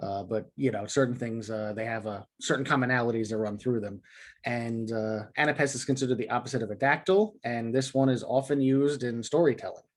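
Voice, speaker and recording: Man, casual voice-over lesson, relaxed delivery, frequent fillers, mid-pitched voice. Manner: reads poem lines slowly and rhythmically. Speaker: poetry teacher and video host.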